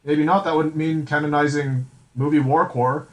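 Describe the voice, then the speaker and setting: A man's voice: a little high, fairly even intonation, moderate pace, poor audio. A man co-hosting a podcast, rambling through a casual chat with many fillers and restarts. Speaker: podcast co-host.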